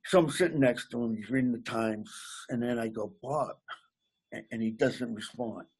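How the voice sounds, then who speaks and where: A man from Massachusetts, a comedian guest telling a lively anecdote. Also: mid-range voice, fairly quick, husky. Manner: animated anecdote teller, laughs along. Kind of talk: casual storytelling.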